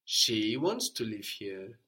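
A man's voice: fairly low pitch, very animated, slow pace, pushed and bright. A man teaching a language lesson step by step, patient and encouraging, spelling out words and praising answers.

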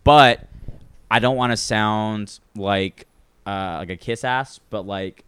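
Young male bartender, casual and chatty, low smooth voice, dry close mic. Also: slow pace, no room sound. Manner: animated storyteller, lots of filler likes. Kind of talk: casual chat.

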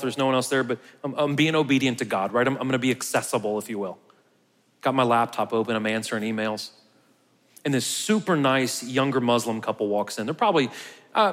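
A man's voice: mid-range voice, fairly bright tone. A man, a pastor, giving a conversational sermon and telling a personal story with quoted dialogue. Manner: conversational, tells stories with quoted dialogue and laughs. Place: church sanctuary. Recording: long hall reverb.

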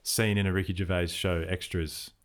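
A man's voice: deep voice, level tone, moderate pace. A man co-hosting a casual chat about films, chatty and keen to retell scenes.

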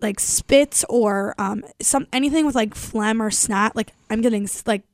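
A woman's voice: fairly high pitch, moderate pace, no room sound, clean studio sound. A woman co-hosting a podcast in casual chat, self-deprecating and easily grossed out. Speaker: co-host.

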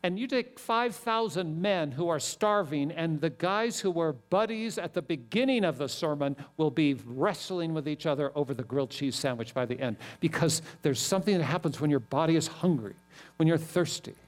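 A middle-aged male pastor preaching a sermon, animated and telling stories with quick asides. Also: fairly high pitch.

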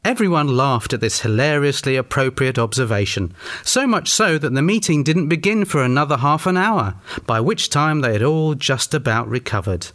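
A man's voice: medium pitch, lively intonation, normal speed, a bit bright. A man hosting a comedy show with dry, teasing asides, also narrating a mock children's story.

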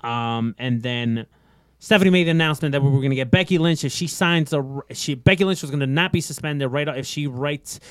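Brief: higher-voiced male host, rambling and animated, dry close sound. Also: a little fast, clear, resonant tone, dry recording. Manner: animated, rambling, laughs often. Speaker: podcast host. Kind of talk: casual wrestling chat.

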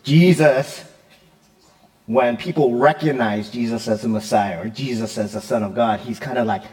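A male pastor preaching a conversational sermon, lively and quick, with fillers and frequent "right?" check-ins. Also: medium pitch. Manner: quick, with fillers and self-corrections.

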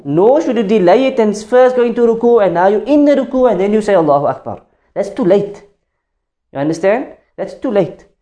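A man's voice: sits high, expressive, a little fast, warm tone, dull audio. A man teaching a class on the rules of prayer, explaining step by step and often checking that students follow. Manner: demonstrates chanted phrases. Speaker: Islamic teacher.

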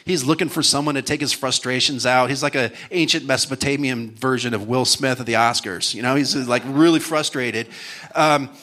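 A man's voice: mid-range voice, steady tone, moderate pace, sharp tone. A man speaking at a conference, casually and jokily retelling a Bible story, with many fillers. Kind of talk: storytelling sermon.

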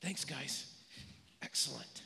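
A man's voice: mid-range voice, slow, gravelly, a little hiss or hum. A man giving a playful children's sermon in a church. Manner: animated, playful, acts out little scenes. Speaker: pastor giving a children's message. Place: church sanctuary. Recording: echoey church room.

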